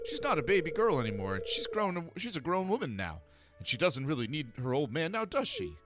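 A man's voice: fairly high pitch, wildly swooping pitch, a little fast, a bit bright, faint music behind, pitched above the performer's own voice. A man putting on a doting older father with a put-on accent. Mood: wistful.

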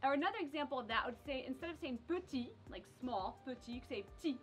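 A woman from the south of France with a French accent, teaching French in a lively, casual video lesson. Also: sits high, racing, soft background music. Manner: lively, explains with spoken French examples.

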